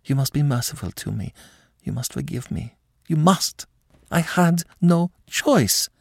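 Pleading older noblewoman voiced by a man, lively pitch, dry sound. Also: a little slow, vocal fry, breathy edge, dry recording, heavily acted. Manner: pleading, emotional. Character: grieving aristocratic mother, older woman, pleading.

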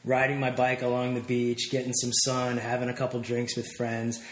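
A man's voice: mid-range voice, monotone, normal speed, reverberant. Candid, chatty man guest. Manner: candid, laughing, with many fillers and restarts. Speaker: interview guest. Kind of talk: casual interview chat.

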